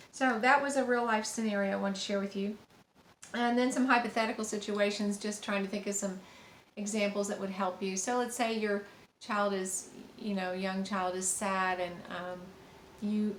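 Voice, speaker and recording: Middle-aged woman, soft-spoken parenting teacher, meandering delivery, roomy echo, faint background hum. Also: mid-range voice. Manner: gentle, rambling, many fillers and restarts. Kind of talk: informal teaching monologue with anecdotes. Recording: echoey room with faint ambient noise.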